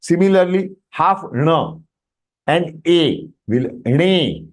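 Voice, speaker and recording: A man's voice: a little high, sing-song, slow pace. A man with an Indian English accent teaching an online language class, patiently drawing out and repeating each pronunciation and checking that students follow. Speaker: Sanskrit teacher.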